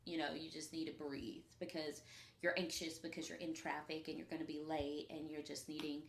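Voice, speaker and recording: A woman co-hosting a casual chat about spiritual practice, rambling with many fillers and dropping into soft, breathy asides. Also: low voice, level tone, brisk. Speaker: podcast co-host. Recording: echoey room.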